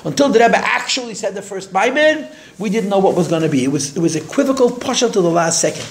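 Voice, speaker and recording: A man teaching a class and telling a story with a fairly high voice. He acts out the people he quotes, pushing his voice up for them. He often doubles back on his words as he talks. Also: fast, slight background noise. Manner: animated, raises his voice when quoting people; repeats words as he thinks. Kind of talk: storytelling lecture.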